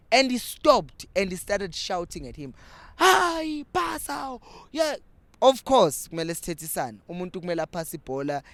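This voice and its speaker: A young South African man with a local accent, giving lively casual commentary as host of a football fan channel. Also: fairly high pitch, no echo. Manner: animated, switching between English and Zulu.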